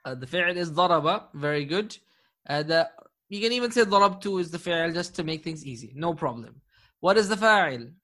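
A man leads a classroom grammar lesson, his voice pitched high and ringing bright. He checks in with the students often and praises them warmly. When a key term comes up, he slows right down to spell it out. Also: lively intonation. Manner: patient, quizzing students with frequent checks and praise; slows down to dictate key terms. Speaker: Arabic grammar teacher.

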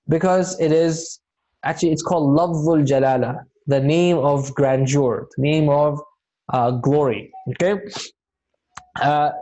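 A man teaching an Arabic grammar lesson in a mellow, warm voice. He explains patiently, one step at a time, and checks in often to encourage his students. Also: on the high side. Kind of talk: online class teaching.

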